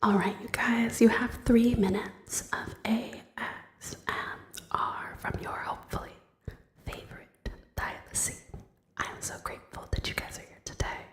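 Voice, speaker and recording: A woman's voice: a little high, steady tone, moderate pace. Whispering woman streamer, echoey room. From Tasmania, Australia. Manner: chatty, joking asides to chat. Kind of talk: whispered ASMR chat. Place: home den.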